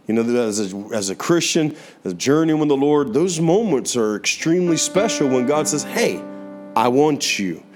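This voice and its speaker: A young man preaching, telling a personal testimony in an earnest voice that slows down for emphasis. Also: mid-range voice, a little mellow. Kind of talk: sermon testimony. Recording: guitar music playing underneath.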